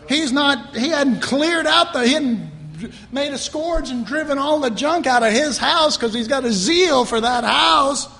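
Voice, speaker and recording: A man preaching a fervent sermon, swinging between loud outbursts and quiet asides. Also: extremely high pitch, a little slow, gravelly, long reverb tail.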